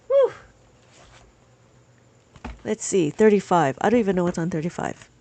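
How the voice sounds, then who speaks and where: A woman's voice: on the low side, fast talker, mellow. A woman teaching abacus on a live stream, chatting with viewers and reading their comments aloud.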